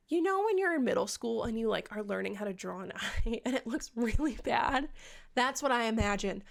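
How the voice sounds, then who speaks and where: A woman's voice: a little high, vocal fry. A young woman recapping a book in casual chat, sarcastic and swearing often, playing out the characters' lines herself. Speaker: book reviewer.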